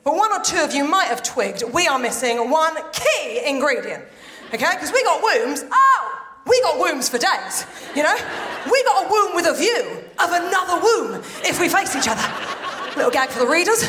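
A woman's voice: sits high, sing-song, moderate pace, pushed and bright, a little hiss or hum. A woman comedian doing a chatty, self-mocking stand-up set on a theatre stage. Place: theatre stage with live audience. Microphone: stage microphone. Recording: roomy live theatre sound with crowd.

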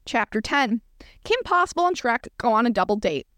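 A woman's voice: fairly high pitch, big pitch swings, brisk, a bit bright, no room sound, studio quality. A woman podcast host reading fan fiction aloud for comedy, breaking off for self-aware asides.

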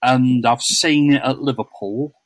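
A man talking football in a blunt, sweary, teasing way. His voice sits at a middling pitch and sounds dry and close, with little room around it. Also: steady tone, unhurried, no room sound, rough recording. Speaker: podcast co-host. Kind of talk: casual football podcast chat.

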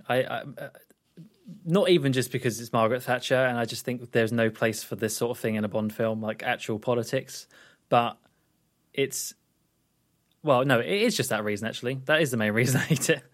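A man talking casually about a film, voicing strong likes and dislikes. His delivery is frank and stop-start as he hunts for words. His pitch sits in the middle range. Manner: frank, opinionated, halting restarts. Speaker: podcast co-host. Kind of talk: casual film review chat.

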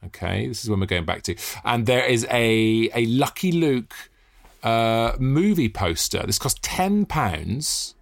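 Man, podcast host, casual chat, gravelly, animated pitch. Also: unhurried.

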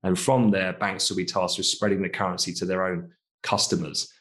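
A man's voice: deep voice, flat delivery, brisk, fairly bright tone. A man from the UK co-hosting a casual finance podcast, chatty, laughing often and hedging with asides. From United Kingdom. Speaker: podcast co-host.

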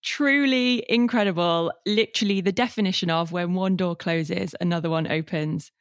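A woman's voice: on the low side, normal speed, smooth, no echo, studio quality. A woman hosting an interview, reading a scripted lead-in and reacting with encouraging remarks to her guest. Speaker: podcast host.

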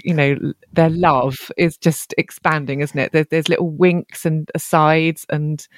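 A woman's voice: low voice, steady tone, a little slow, dry recording, clean studio sound. A woman co-hosting a podcast, chatting expressively with frequent laughs. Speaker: podcast co-host. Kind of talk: casual chat.

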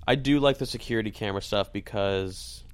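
A man's voice: fairly low pitch, brisk, clean tone, no room sound. A man chatting casually over a video call while watching a movie, joking and sometimes confused. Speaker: movie watch-along co-host. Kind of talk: casual chat.

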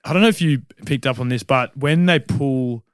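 A man's voice: mid-range voice, moderate pace, clear, resonant tone, no room sound. A man making dry wisecracks with slang in a casual film podcast chat. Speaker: podcast co-host.

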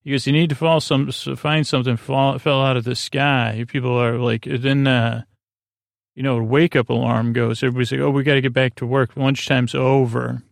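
Man, podcast host, Upstate New York lilt, gravelly and monotone, dry close sound, halting sleepy recap. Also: no echo. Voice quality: gravelly, flat delivery. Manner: halting, many "uh"s and restarts, low-key.

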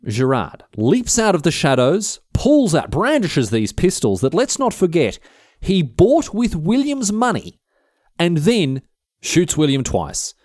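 A man's voice: mid-range voice, darkish tone, no room sound, studio quality. A man hosting a history podcast, telling stories in a slangy, irreverent, casual way. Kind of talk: casual comedic storytelling.

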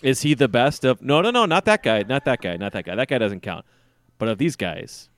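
A man's voice: mid-range voice, animated, fairly quick, a bit bright, no echo. A man hosting a casual sports podcast, joking and teasing his co-hosts. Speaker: podcast host. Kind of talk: casual chat.

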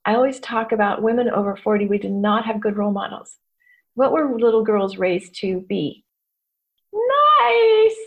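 A woman's voice: medium pitch, fairly even intonation, brisk, a little mellow, muffled recording. A middle-aged woman, a therapist and teacher, talking candidly to an audience and acting out quoted voices. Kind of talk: talk to an audience.

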